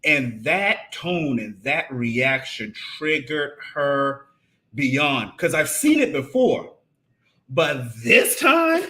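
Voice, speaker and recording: An animated man co-hosting a marriage talk show, often circling back over his own words. His voice sits somewhat high and has a bright, forceful edge. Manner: animated, repeats and restarts phrases. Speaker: podcast co-host. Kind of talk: casual conversation about marriage.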